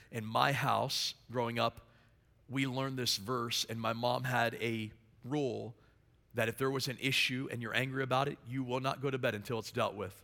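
A middle-aged man preaching a sermon, moving from quiet storytelling to loud, emphatic preaching. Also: medium pitch. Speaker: pastor. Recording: long hall reverb.

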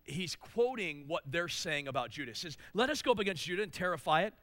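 A male pastor preaching a sermon, swinging between loud emphatic declarations and hushed asides. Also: fairly high pitch, expressive, fast, no echo.

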